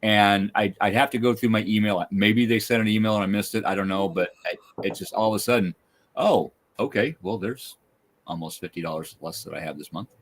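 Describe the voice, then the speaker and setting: A man's voice: lowish voice, a little fast. Opinionated male host ranting casually. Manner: opinionated, ranting, stumbling restarts. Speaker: podcast host. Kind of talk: casual chat.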